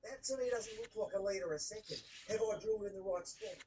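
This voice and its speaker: A woman working as a leak-detection tradesperson, chatting excitably through an on-the-job video and calling her viewers mate. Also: medium pitch, a little fast, far from the mic, slight background noise, low-quality recording. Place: indoors under a shopping centre building.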